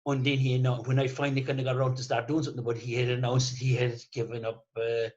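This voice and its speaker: A man's voice: mid-range voice, flat delivery, racing, a little mellow, highs cut off. A man hosting a casual conversation, telling rambling stories with frequent restarts and laughter. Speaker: host.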